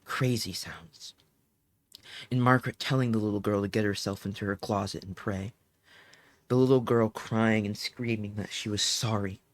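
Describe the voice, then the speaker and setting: Guy narrating an audiobook, lowish voice, dry close sound, gets emotive and stretches out the big lines. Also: steady tone, dry recording. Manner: emotive, slows down on dramatic phrases. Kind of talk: dramatic audiobook reading.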